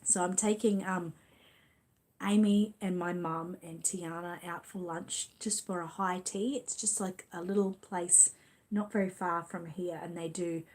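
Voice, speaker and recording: A woman's voice: fairly low pitch, steady tone, unhurried, a little mellow. A middle-aged Australian woman hosting a casual livestream, chatting and reading viewer comments aloud with frequent laughs. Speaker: livestream host.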